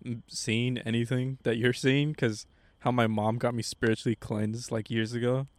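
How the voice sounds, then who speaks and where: Young dude on a night podcast outside, kinda halting and giggly, dry close sound. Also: male voice, mid-range voice, little pitch movement, dry recording. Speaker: podcast co-host. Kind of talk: casual chat. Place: outdoors in a park at night. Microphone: podcast microphone.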